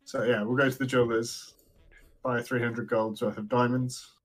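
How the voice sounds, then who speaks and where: A man's voice: mid-range voice, level tone, normal speed, breathy edge, faint music behind. A man playing a tabletop game in a playful, chatty way, slipping into character. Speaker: player. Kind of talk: casual tabletop role-play.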